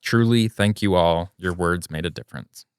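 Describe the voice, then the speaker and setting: Smooth low-voiced deadpan man. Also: normal speed, no room sound, studio quality. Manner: deadpan, crude quips. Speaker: podcast co-host. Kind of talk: reading listener posts and joking.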